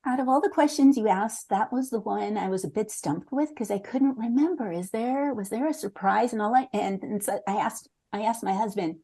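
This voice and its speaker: Mellow-voiced earnest woman author. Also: a little high, a little fast, hardly any pauses. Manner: earnest and reflective, with occasional restarts. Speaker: memoir author, interview guest. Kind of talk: conversational interview answers.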